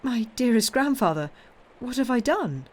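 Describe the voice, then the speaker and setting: A woman's voice: mid-range voice, animated, normal speed, darkish tone, voice pushed up, lightly acted. A woman voicing a tender, anxious young woman. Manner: pleading, breathless questions.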